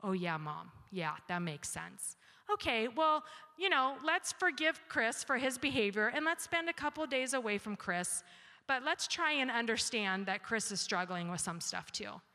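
Bright-voiced mother giving a talk. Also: sits high, moderate pace, big-room sound. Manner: animated storyteller, acts out her kids' voices. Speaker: speaker giving a talk on grace. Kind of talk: talk with slides, parenting anecdotes.

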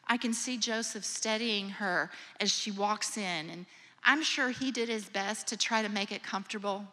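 A woman, a mother herself, retelling a scripture story as a gentle, imaginative sermon with hushed moments. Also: mid-range voice, normal speed. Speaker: preacher or speaker. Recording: long hall reverb.

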